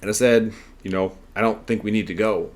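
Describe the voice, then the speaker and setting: A man's voice: lowish voice, fairly even intonation, fairly quick. A man hosting a podcast, telling a story in an earnest, rambling, conversational way. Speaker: podcast host. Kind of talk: casual storytelling monologue.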